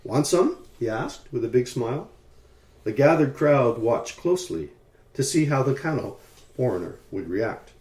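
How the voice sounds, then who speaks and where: A man reading a story aloud in calm, measured audiobook narration. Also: mid-range voice. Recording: roomy echo.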